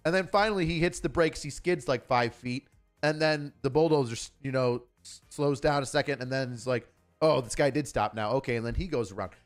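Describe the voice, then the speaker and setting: Over faint background music, a former Buffalo, New York cop speaks fairly quickly in a medium-pitched voice. He comments on the news in a blunt, profane livestream, telling stories and acting out dialogue.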